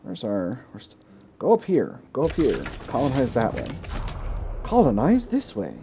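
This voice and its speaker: A man hosting a let's play, thinking aloud in a relaxed way as he plays a strategy game. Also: mid-range voice, a little slow, background noise. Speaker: gaming channel host.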